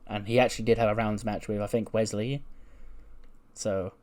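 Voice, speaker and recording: A man's voice: fairly low pitch, fairly even intonation, moderate pace, a little mellow. A man casually narrating a wrestling simulation playthrough, chatty with lots of fillers. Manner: chatty, filler-heavy, laughs at own jokes. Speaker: video game narrator.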